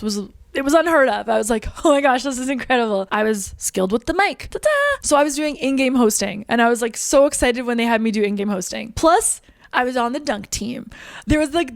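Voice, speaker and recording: Emphatic high-voiced woman vlogger. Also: no room sound, studio quality. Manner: emphatic, indignant, laughs often. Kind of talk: casual opinion monologue to camera.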